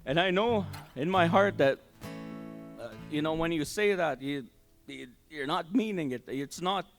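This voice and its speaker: An older man tells his testimony at a church gathering, speaking in a voice that sits on the high side for a man. His delivery is halting and heartfelt, full of fillers and restarts. A faint guitar plays quietly behind him. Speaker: church member giving testimony. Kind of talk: personal testimony at a church service. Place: community hall church service.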